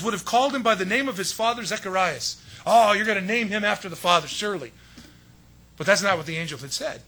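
Middle-aged preacher guy from san diego, high bright voice, kinda husky, jokey and casual. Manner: casual, joking, acts out the people he quotes. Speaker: pastor. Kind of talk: sermon.

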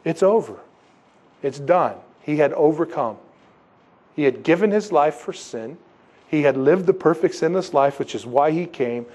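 A man preaching a sermon as pastor, emphatic, moving between loud exhortations and quiet low asides, asking rhetorical questions in a conversational way. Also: lively intonation, unhurried.

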